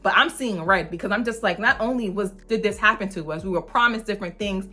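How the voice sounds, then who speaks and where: A mother hosting her own channel, telling a storytime with emphatic, animated delivery and frequent "like". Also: a little high, fairly quick, few pauses, soft background music. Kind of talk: storytime vlog.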